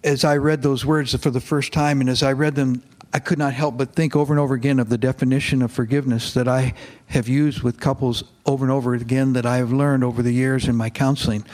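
A man who works as a counselor, reading aloud from a novel and then teaching, in an earnest, measured way. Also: medium pitch, flat delivery, a little mellow.

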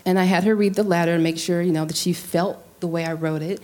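A woman's voice: fairly low pitch, steady tone, fast talker, darkish tone. A woman from Central California earnestly telling a family story in a casual discussion, with restarts and quoted dialogue.

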